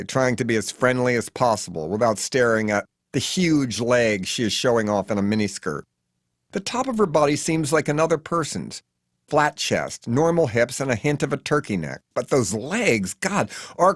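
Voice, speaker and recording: A man narrating his own memoir as an audiobook in an animated, comic storytelling manner. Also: fairly low pitch, a little fast, dry recording, clean studio sound.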